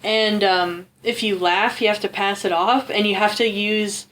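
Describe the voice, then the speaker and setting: A woman co-hosts a relaxed podcast chat, laughing often between thoughts. Her pitch sits in the middle of the range, and she talks loosely, with plenty of fillers and restarts. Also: unhurried, slight background noise. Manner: giggly, chatty, many fillers. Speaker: podcast co-host. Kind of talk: casual chat.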